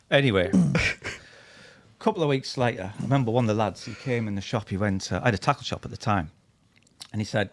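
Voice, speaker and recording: A man with a husky voice, a podcast guest telling funny stories in a lively, laughing way, acting out what other people said. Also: medium pitch, moderate pace, pauses often. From England. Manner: animated, laughing anecdotes with acted-out quotes. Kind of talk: storytelling chat.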